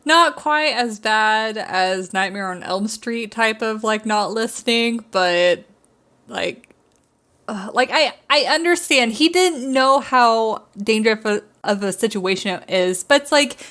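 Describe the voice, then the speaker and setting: A woman's voice: a little high, lively intonation, a little slow, fairly bright tone. A young woman co-hosting a casual podcast chat about a horror movie, rambling, trailing off and laughing often. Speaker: podcast co-host.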